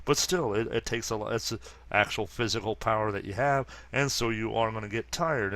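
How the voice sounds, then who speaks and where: A man around fifty reading a comic aloud and commenting casually, halting often with fillers and restarts. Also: lowish voice, pushed and bright, no echo. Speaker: comic book reader and commentator.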